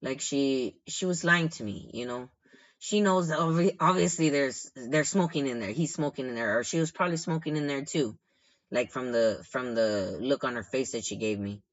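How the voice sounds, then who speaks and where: A young man talks straight to the camera in a loose, frustrated ramble, circling back on himself and leaning on filler words. His voice sits at an ordinary middle pitch. The sound is a little dull and lo-fi. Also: normal speed. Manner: frustrated, rambling, many restarts and "you know". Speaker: shelter caseworker. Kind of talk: casual storytime vlog.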